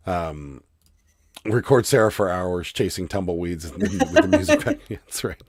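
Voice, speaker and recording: A man co-hosting a casual live stream, hoarse from losing his voice, chuckling as he reads viewer comments aloud. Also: low voice, wildly swooping pitch, normal speed. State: hoarse, voice mostly lost. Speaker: co-host of a live resale stream.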